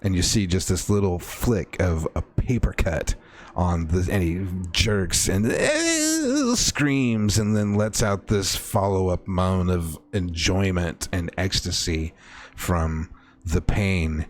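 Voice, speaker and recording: A man acting as game master, slowly describing a horror scene in a tabletop game with frequent fillers. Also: sits low, steady tone.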